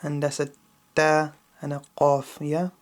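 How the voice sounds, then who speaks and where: A patient male teacher with a smooth, resonant voice that stays level and flat in pitch. He recites verses slowly and repeats them, then explains the letters calmly. He often checks in with a gentle "yeah?". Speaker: Quran teacher. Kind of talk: slow recitation lesson for children.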